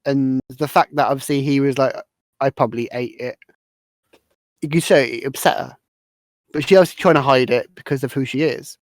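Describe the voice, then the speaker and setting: A man's voice: mid-range voice, fairly even intonation, brisk, dry recording. A young British man hosting a casual podcast, recapping a movie in a rambling way with lots of fillers. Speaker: podcast host.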